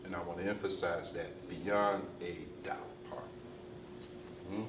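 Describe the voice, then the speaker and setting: A low-pitched man speaks slowly and steadily over heavy background noise. He is a spiritual teacher addressing a gathered audience, emphatic and repetitive, often asking "you see?" and dropping into street slang. The distant mic sounds roomy, with faint ambience.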